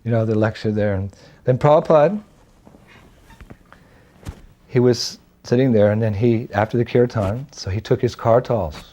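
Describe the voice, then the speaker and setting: A man's voice: medium pitch, moderate pace, pauses often, mellow. An older man telling personal devotional memories in a reflective storytelling way, laughing now and then. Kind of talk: storytelling memoir.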